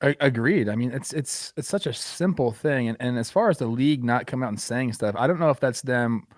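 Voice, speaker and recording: A man's voice: mid-range voice, fairly quick, no echo, studio quality. Easygoing chatty male sports co-host. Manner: relaxed, chatty, frequent fillers. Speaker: sports talk show co-host. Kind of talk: casual sports talk.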